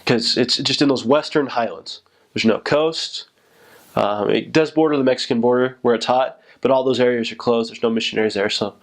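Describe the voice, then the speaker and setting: A young man, a returned missionary, describing his mission area in a rambling, self-correcting way. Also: medium pitch. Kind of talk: casual recollection.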